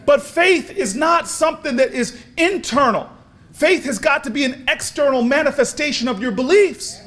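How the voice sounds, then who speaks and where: A man giving an impassioned, preacher-style speech at a convention, telling stories with repeated words and building to shouts. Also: very high-pitched, normal speed. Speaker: speaker at a convention. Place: large convention hall.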